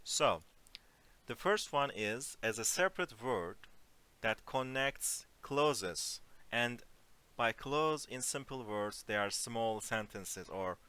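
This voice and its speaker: A man teaching an online Turkish lesson in English, explaining phrases slowly and giving spoken examples. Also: medium pitch, animated, bright, forceful tone, clear, resonant tone. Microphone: computer mic on a voice call.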